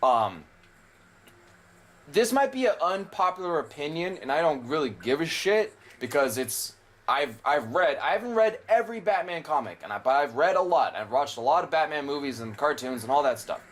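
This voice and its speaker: Animated young man ranting over gameplay. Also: a little high, moderate pace. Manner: rambling, opinionated, swears often. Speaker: gameplay commentator. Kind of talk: casual let's play commentary.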